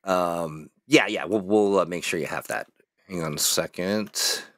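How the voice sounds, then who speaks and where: Male host, lowish voice, dry close sound; chatty, laughs a lot. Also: measured pace, no echo. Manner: laughing often, animated, rambling. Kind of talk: casual livestream chat.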